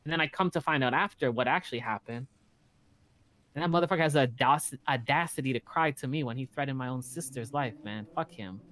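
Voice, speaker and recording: A man in casual in-character roleplay chat, blunt and profane, telling stories in an animated way. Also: medium pitch, fast. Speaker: roleplay streamer.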